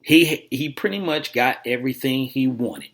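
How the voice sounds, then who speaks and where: A man hosting a sports talk show, rambling and animated, with lots of fillers and restarts. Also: mid-range voice, normal speed. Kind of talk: casual sports radio talk.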